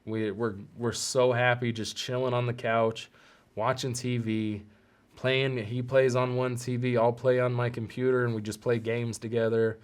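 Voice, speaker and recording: A male podcast host talking in a heartfelt, unscripted monologue. His voice sits at an ordinary middle pitch, earnest and halting, and it drops soft and choked when he is moved. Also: little pitch movement, clear, resonant tone. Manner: earnest and emotional, often choked up.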